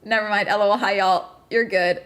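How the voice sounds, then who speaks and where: A woman's voice: mid-range voice, fairly even intonation, fairly bright tone. Profane, agitated woman streamer ranting. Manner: profane, fast ranting with bursts of laughter. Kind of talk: casual livestream chat.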